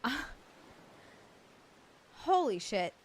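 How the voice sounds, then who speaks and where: A young woman hosts a live chat stream in a high, bright-pitched voice. She talks slowly and keeps breaking off mid-sentence, stammering, laughing and swearing in overwhelmed gratitude. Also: big pitch swings. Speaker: livestream host. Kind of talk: casual live chat thanking viewers.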